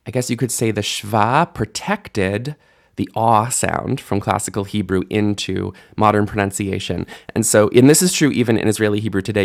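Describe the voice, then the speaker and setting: A man teaching a recorded Hebrew lesson, patiently explaining grammar and sounding out syllables slowly, with relaxed joking asides, speaking into a desk microphone. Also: fairly low pitch, vocal fry.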